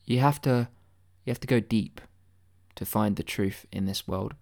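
A man delivering a deadpan satirical conspiracy monologue, mock-earnest and rambling, with stammered restarts and swearing. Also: fairly low pitch, normal speed.

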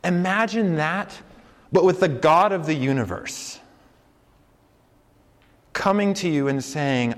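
A man preaching a sermon in a conversational, earnest way, slowing down to stress key points. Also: fairly high pitch. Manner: conversational, earnest, slows down for emphasis. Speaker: campus preacher. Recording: long hall reverb.

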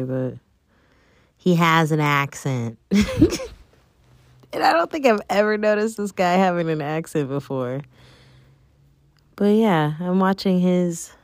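A woman's voice: deep voice, no room sound, clean studio sound. A woman hosting her own show, chatting casually and rambling with plenty of fillers. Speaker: podcast host. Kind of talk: casual solo chat.

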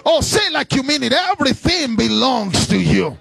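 A man preaching a sermon, shouting in a sing-song cadence and calling on the congregation to respond. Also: very high voice, sing-song, normal speed, gravelly, breathy edge.

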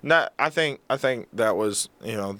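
A young man, a podcast co-host, telling a story in casual chat; animated, acting out quotes and mocking himself. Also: on the low side, normal speed, no room sound.

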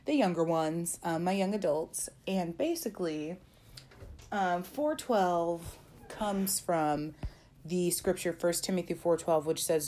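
A young adult woman hosts a casual faith podcast in a slow, mellow, lowish voice, with slight background noise. She chats encouragingly, uses lots of fillers, and now and then scolds playfully.

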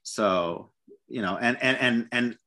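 A man's voice: mid-range voice, slow, pushed and bright. A man talking about dog training in a casual conversation, hesitant, with many restarts and repeated words.

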